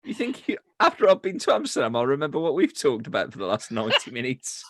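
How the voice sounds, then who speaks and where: A man's voice: medium pitch, huge pitch swings, fast talker, no room sound, clean studio sound. A man co-hosting a wrestling review podcast in casual, jokey chat, laughing often. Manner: jokey, laughing, stumbles over names. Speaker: podcast co-host.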